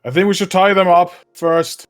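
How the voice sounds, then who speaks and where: A man in a tabletop game, speaking in character with hesitant, halting phrasing. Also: sits high, level tone. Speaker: player.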